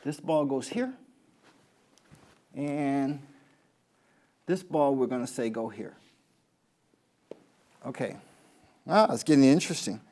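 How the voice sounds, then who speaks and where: A man's voice: mid-range voice, animated, slow, long pauses, a little mellow. A man, a golf pro, giving a rambling motivational talk to a live audience, telling stories and asking the crowd questions.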